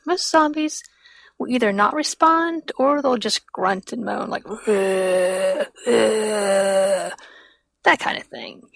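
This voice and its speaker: A woman's voice: on the high side, vocal fry, dry recording. Flirty woman giving mock advice. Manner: flirty, teasing. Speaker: advice segment host. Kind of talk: comic advice call-in.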